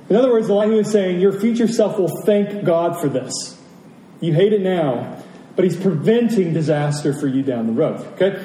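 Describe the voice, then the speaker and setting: A man's voice: fairly high pitch, normal speed, warm tone, a little hiss or hum. A man preaching a sermon as pastor, emphatic, asking rhetorical questions and repeating key phrases. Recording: roomy, distant from the mic, faint ambience.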